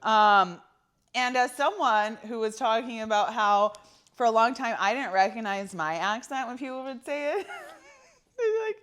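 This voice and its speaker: A woman from California co-hosting a podcast in casual chat, animated and chatty, laughing often. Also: fairly high pitch, moderate pace, smooth. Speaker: podcast co-host.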